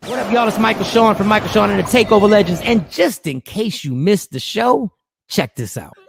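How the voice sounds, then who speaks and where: Man, podcast host, high gravelly voice, bright, loud and joking. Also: brisk, a little hiss or hum. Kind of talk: casual podcast chat.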